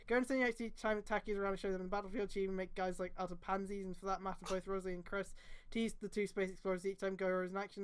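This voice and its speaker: A woman's voice: mid-range voice, clean tone. A woman on a stream reading a bad fanfic aloud and breaking off into sarcastic, profane commentary.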